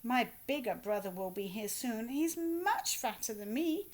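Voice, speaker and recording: A woman voicing a timid little billy goat who bargains in a high, pleading voice. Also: expressive. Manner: high, pleading and quick-talking.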